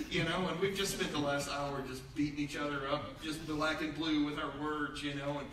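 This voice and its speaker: A man's voice: on the high side, fairly even intonation, normal speed, hardly any pauses, a bit bright, a little hiss or hum. A middle-aged man preaching a conversational sermon, telling humorous stories and acting out the voices he quotes. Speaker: pastor. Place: church sanctuary. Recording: echoey church from far off.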